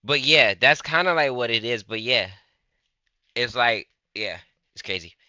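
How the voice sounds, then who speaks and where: A man's voice: medium pitch, animated, a little slow, bright, forceful tone, no room sound, highs cut off. A young man hosting a live-stream reaction, chatting loosely and talking to his viewers. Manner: loose and rambling, talks to chat.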